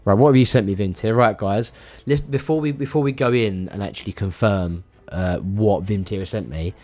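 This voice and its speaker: Male streamer, lowish voice, rambling and stammery, casual swearing. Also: moderate pace, a little mellow. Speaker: live streamer. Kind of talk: casual live-stream chat.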